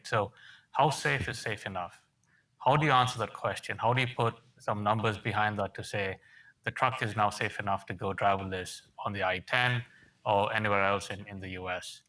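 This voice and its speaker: Low, bright-toned man thinking aloud. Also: rough recording. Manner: reflective, posing rhetorical questions. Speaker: engineering executive panelist. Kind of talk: panel discussion answer.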